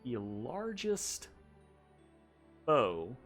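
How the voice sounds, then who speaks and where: A man's voice: medium pitch, wildly swooping pitch, very slow, a bit bright, husky, soft background music. A man game master narrating a tabletop game in a chatty way, laughing and restarting often.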